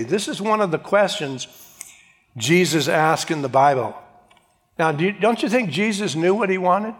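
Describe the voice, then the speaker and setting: Dramatic preaching man in a reverberant hall. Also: on the high side. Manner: dramatic, acts out Bible voices. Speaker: pastor. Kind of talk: sermon.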